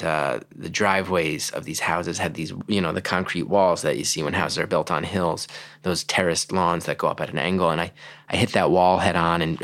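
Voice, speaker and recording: A man's voice: deep voice, a bit bright, no echo. A man from New Jersey, a podcast guest, answering candidly and reflectively with some restarts. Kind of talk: interview answers.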